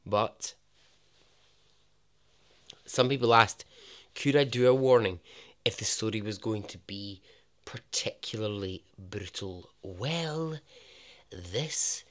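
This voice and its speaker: A Scottish man hosting a podcast, narrating a true story in a chatty way with jokey asides and a lowered voice for emphasis. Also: steady tone, slow, pauses often, fairly bright tone. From Scotland. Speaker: podcast host.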